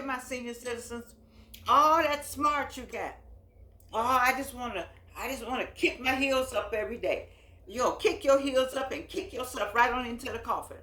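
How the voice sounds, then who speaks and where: A woman's voice: a little high, a bit bright, a little hiss or hum. Brief: woman in her eighties, preacherly and repetitive, phone recording with room echo. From United States. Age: 80s. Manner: emphatic, repeats phrases, folksy and preacherly. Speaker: host. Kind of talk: impassioned address to camera.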